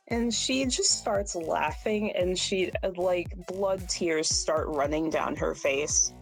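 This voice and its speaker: A woman player slowly narrating her character's actions in a tabletop game. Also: lowish voice, vocal fry, faint music behind, low-quality recording.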